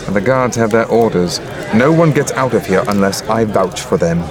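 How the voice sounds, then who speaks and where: An actor playing a cold, commanding lord who plots a conspiracy in a radio play. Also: male voice, fairly low pitch, animated, normal speed, crowd noise, natural voice. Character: scheming male conspirator lord, cold and ruthless. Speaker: conspirator plotting a coup.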